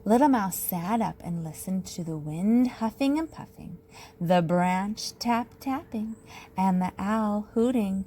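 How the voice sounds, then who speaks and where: A woman teacher reading a picture book aloud with slow, expressive storytelling. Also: medium pitch, rough recording.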